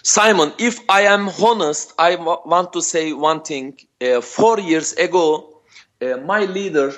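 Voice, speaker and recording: Man, high voice, non-native English, halting, emotional storytelling, podcast guest. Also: a bit bright. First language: not English.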